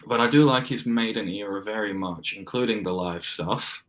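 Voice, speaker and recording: A man, co-hosting in a stoic, measured way. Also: lowish voice. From Australia. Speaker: co-host.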